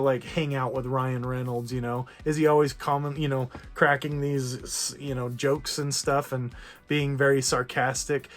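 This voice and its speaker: A man hosting a casual movie discussion, rambling and correcting himself often over faint music. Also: a little high. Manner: rambling, with frequent self-corrections and filler. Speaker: host.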